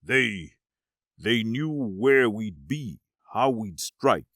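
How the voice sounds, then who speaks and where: A man voicing a frightened alien officer who speaks in a hushed, halting way in an audiobook. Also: on the low side, animated, no echo, clean studio sound, full character voice. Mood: shaken. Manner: hushed, faltering. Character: shaken alien male officer, fearful.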